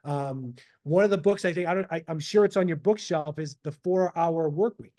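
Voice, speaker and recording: A man speaking as a podcast guest in casual interview talk, animated and motivational, over a video call. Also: fairly high pitch, normal speed. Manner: animated, motivational, quotes himself in asides.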